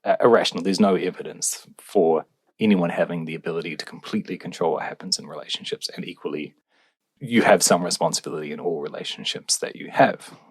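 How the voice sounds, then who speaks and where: A man's voice: sits low, fast, slightly rough, no echo. A male relationships researcher, answering podcast questions in a wry, explanatory way with fillers.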